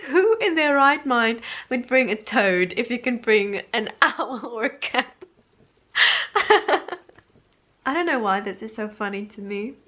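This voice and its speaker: A woman in a casual reading vlog, chatting at a middle pitch. She breaks into giggles and lively asides as she talks. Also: rough recording. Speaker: book vlogger.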